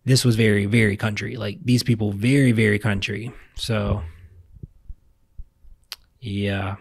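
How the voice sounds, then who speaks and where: A man's voice: fairly low pitch, fairly even intonation, slow, gravelly, husky, dry recording. Rambling young man chatting at home. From Virginia, US South. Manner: rambling, self-correcting storyteller. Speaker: vlogger. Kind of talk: casual chat. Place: home, indoors.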